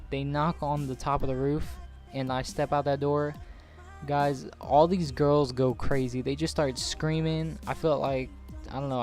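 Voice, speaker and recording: With a somewhat mellow, mid-range voice, the young gaming channel host in his late teens chats over gameplay about something that happened to him. His storytelling is rambling and laced with swearing and plenty of "like."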